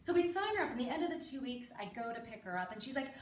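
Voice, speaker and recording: A middle-aged woman performing stand-up, her voice set a little high and swinging up and down as she talks. She sounds chatty and confiding, checking in with "right?" as she goes. The sound is roomy and picked up from a distance. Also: expressive, racing, slight background noise. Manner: chatty, confiding, keeps tagging lines with "right?". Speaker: stand-up comedian. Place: live comedy stage with audience.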